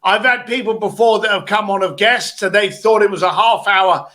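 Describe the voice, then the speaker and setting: A man coaching on a video call, giving blunt, animated advice and acting out quotes. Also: sits high, moderate pace. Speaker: business coach.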